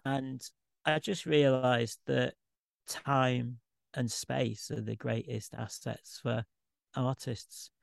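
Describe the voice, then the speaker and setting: Gravelly-voiced man, candid and rambling. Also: mid-range voice, flat delivery, slow pace, dry recording, clean studio sound. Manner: candid, rambling, self-deprecating. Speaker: guest artist. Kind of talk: informal podcast conversation.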